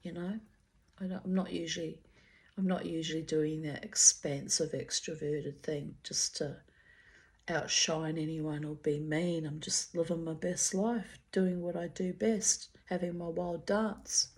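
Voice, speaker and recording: A woman's voice: low-pitched, steady tone, unhurried. An older Australian woman reading aloud from her old diary with candid, chatty asides and frequent swearing.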